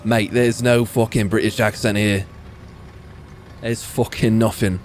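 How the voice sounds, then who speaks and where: A man's voice: on the low side, steady tone, measured pace, a little hiss or hum. A young man with an American accent, casually commenting while playing a tank game, joking and swearing. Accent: General American. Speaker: gaming streamer. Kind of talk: live gameplay commentary.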